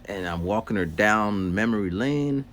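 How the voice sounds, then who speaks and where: A man's voice: fairly low pitch, lively intonation, moderate pace, fairly bright tone. A man who works as a teacher's aide, rambling through a casual story outdoors while walking and acting out voices. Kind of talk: casual walking vlog monologue.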